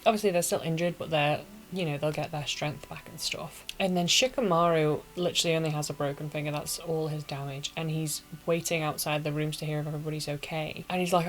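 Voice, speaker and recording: Low-voiced gushing woman. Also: steady tone, a little fast, poor audio. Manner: gushing, emotional fan with dramatic asides. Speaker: anime reviewer. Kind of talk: casual retelling.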